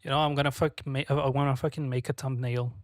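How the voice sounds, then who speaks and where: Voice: medium pitch, little pitch movement, fast, no echo, studio quality. A streamer talking casually on a live stream while working, frustrated, swearing a lot and muttering to themselves.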